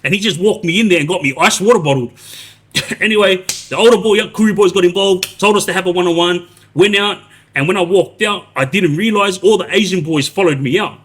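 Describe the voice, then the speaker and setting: Husky man telling a story. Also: sits high, fairly quick, fairly bright tone. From Australia. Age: 40s. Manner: rambling, many restarts and tag questions like "yeah?". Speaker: livestreamer telling prison stories. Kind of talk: casual storytelling on a live stream.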